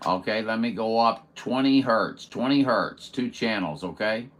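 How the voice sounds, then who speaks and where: This CB radio operator and show host speaks in a fairly low voice, a little slowly. His casual chat rambles along warmly, packed with filler words and radio lingo.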